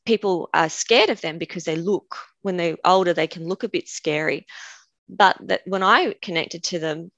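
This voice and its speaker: A woman's voice: lowish voice, normal speed, a bit bright, no echo, muffled recording. A woman with an Australian accent, a guest animal communicator who tells chatty stories and laughs often. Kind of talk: casual conversation.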